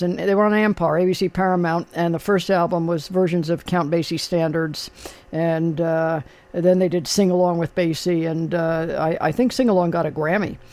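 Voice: medium pitch, darkish tone. A radio host chatting casually with a caller about old records, rambling and full of fillers and restarts. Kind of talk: casual call-in talk about oldies and jazz.

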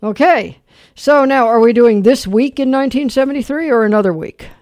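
A man hosting a call-in music quiz show on radio, telling stories and running the quiz with quick banter. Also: extremely high pitch, a little mellow, no room sound. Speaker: radio host.

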